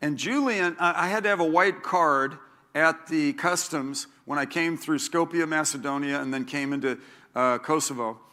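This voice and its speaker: A man's voice: fairly high pitch, moderate pace, sharp tone. A man preaching a sermon as pastor, repeating key lines and telling stories with a laugh.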